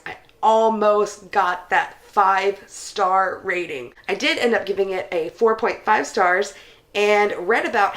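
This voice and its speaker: A young woman in a casual, chatty book vlog, talking enthusiastically straight to her viewers. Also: mid-range voice. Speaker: book vlogger. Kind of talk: casual book review chat.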